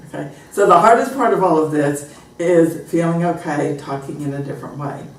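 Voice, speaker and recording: A low-voiced woman from the United States leads a pronunciation class at a moderate pace, rarely pausing as she acts out phrases and shares anecdotes with animated flair. The recording is distant and echoey.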